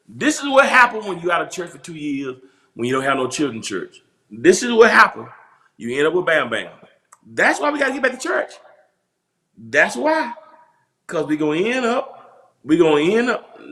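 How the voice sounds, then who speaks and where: A man's voice: mid-range voice, creaky, fairly bright tone. A man, a pastor, laughing and joking as he reacts to viral videos and leads mock prayers.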